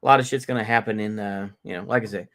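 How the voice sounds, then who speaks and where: A man's voice: fairly low pitch, fairly even intonation, quick pace, a bit bright. Rambling profane man. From North Texas. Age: middle-aged. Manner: profane, rambling, repeats himself. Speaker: livestream host. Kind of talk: casual livestream rant.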